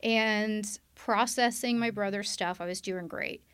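A woman's voice: medium pitch, fairly even intonation, unhurried, a bit bright, clear, resonant tone. A woman sharing a candid personal testimony on a podcast, earnest and quoting her past self aloud. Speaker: guest sharing her story.

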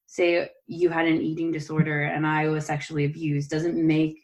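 Low-voiced, earnest woman host. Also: level tone, moderate pace, a little mellow. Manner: earnest, encouraging, conversational. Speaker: podcast host and yoga teacher. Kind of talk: casual conversation.

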